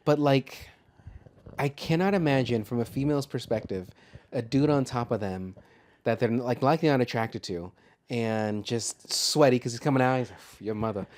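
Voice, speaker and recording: A man co-hosting a movie podcast in a relaxed, unscripted chat. He talks loosely and swears freely, with animated asides and jokes. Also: mid-range voice, moderate pace. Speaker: podcast co-host. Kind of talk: casual chat.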